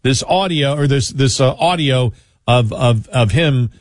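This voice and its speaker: Speaking a little slowly in a mid-range voice, a radio talk show host meanders through anecdotes on his laid-back political show, stopping and restarting with frequent chuckles. The sound is clean studio audio with no echo.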